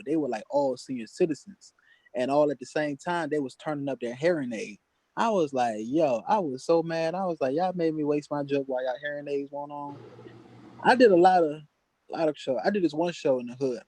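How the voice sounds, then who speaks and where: A man's voice: fairly high pitch, a little mellow, no room sound, low-quality recording. A man doing a stand-up set at an open mic, telling stories in loose, casual street slang. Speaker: stand-up comedian. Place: open mic comedy venue.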